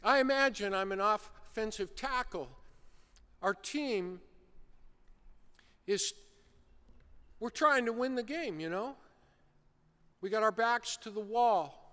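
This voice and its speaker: High-voiced preacher in a reverberant hall. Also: male voice, takes it slowly, pauses often, clear, resonant tone. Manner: animated storytelling, acting out a shouting coach. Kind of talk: sermon.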